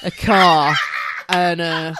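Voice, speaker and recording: A woman putting on a Cockney accent to play a blokey male friend, loud and laughing through it. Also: lowish voice, little pitch movement, drawn-out words, over a noisy crowd, pitched below the performer's own voice. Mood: teasing. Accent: Cockney, put on.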